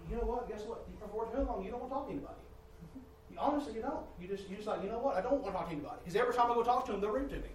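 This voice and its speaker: Man, preacher, sermon, high voice, confessional storytelling, echoey hall. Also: slight background noise. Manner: confessional, storytelling, swings from quiet to loud and exasperated. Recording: echoey room, distant mic, faint ambience.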